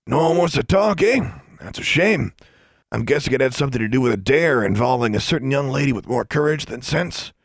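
A stern, folksy school warden, voiced by a male reader, who scolds the children in a gravelly, raised tone. The sound is dry and close. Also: medium pitch, expressive, a little fast, no echo, pitched above the performer's own voice. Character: gruff stern grown man, school groundskeeper.

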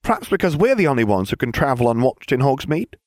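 A man's voice: medium pitch, sing-song, quick pace, darkish tone, no room sound, clean studio sound, voice pushed up, natural voice. A man doing a smug, purring haughty girl. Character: haughty, disdainful teenage girl.

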